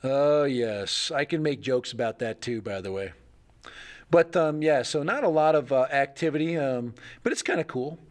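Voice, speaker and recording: A man's voice: medium pitch, expressive, moderate pace. A middle-aged man hosting a casual livestream, rambling and thinking aloud with chuckles. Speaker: livestream host.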